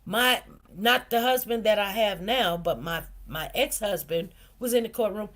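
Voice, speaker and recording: A woman's voice: mid-range voice, normal speed, a bit bright. A woman hosting a commentary channel tells a personal story straight to her viewers, emotional and repetitive. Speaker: host of a news commentary channel.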